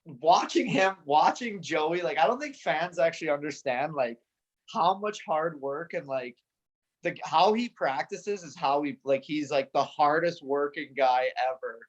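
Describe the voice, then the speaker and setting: A man's voice: a little high, expressive, measured pace, lo-fi sound. A young man as a podcast guest, rambling in casual chat with lots of "like". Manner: rambling, many "like" fillers, laughs. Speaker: podcast guest, hockey player.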